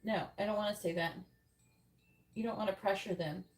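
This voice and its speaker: A woman's voice: medium pitch, steady tone, a little fast, poor audio. A woman doing a live-stream tarot reading, talking bluntly and swearing often as she explains how to word questions. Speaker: psychic tarot reader.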